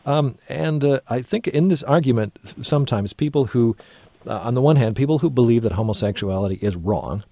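A man hosting a radio talk show, speaking in a measured, thoughtful way. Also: medium pitch, expressive, mellow, no echo. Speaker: radio host.

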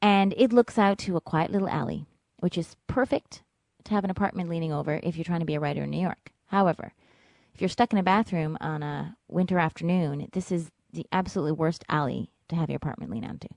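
Woman telling her own story, lowish voice, gets dramatic, dry close sound. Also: fast, gravelly, dry recording. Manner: vivid, dramatic, ranging from hushed to loud. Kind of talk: first-person storytelling.

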